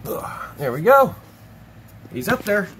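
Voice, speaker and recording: A man opening fan mail on camera in an excited, gushing, exclamatory vlog chat. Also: sits high, slow pace, a little hiss or hum. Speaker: YouTube vlogger opening mail. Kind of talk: excited casual unboxing chat.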